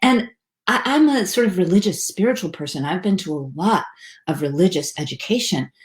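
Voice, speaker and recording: A woman's voice: lowish voice, expressive, fairly quick. A woman from the United States, speaking casually to a group about happiness in a chatty, self-deprecating way, with restarts and fillers. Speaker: speaker teaching a class on happiness. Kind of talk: casual talk to a live audience. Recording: echoey room.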